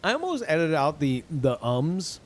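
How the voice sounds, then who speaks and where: A young man streaming games, tired and low on energy, rambling in casual chat with lots of swearing, ums and restarts. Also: wildly swooping pitch, normal speed. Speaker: game streamer.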